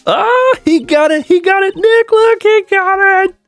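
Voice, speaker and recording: A man voicing an excitable young woman sidekick with a squealing, breathless delivery. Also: very high-pitched, unhurried, soft background music, voice pushed up, heavily acted. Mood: excited.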